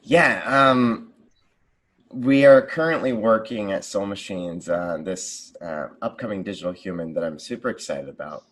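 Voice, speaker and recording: An American man being interviewed about conversation design. He talks enthusiastically and slips into lively voices for his examples. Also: low voice. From United States. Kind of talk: casual interview chat.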